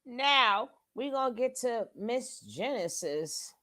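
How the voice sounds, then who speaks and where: A woman's voice: fairly high pitch, animated, slow, a bit bright. A woman hosting a casual reaction commentary, chatty and scoffing, full of rhetorical questions. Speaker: commentary channel host.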